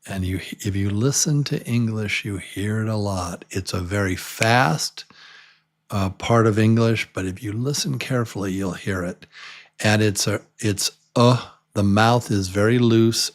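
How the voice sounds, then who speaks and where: A man with a lowish voice gives a beginner pronunciation lesson. He speaks very slowly and repeats every example word again and again so learners can copy it. His tone stays patient and plain throughout. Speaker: English teacher.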